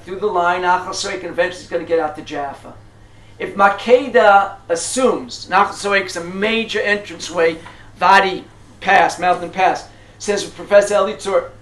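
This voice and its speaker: Man, tour guide, casual lecture, quizzes the group, lots of fillers, high voice, roomy echo. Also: a bit bright. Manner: chatty, asks the group questions, frequent fillers and restarts. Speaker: tour guide teaching history.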